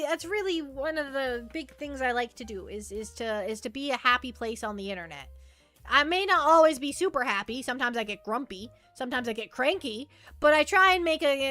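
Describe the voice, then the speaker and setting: A woman's voice: high-pitched, pushed and bright, no echo. A woman streaming as a VTuber, chatting casually with her viewers and reading the chat aloud, often trailing off and restarting.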